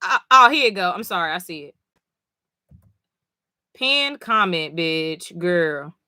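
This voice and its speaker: A woman's voice: lowish voice, animated, slow, pushed and bright, no echo, studio quality. A woman reading comics live on stream, reacting emphatically, swearing and talking straight to her chat.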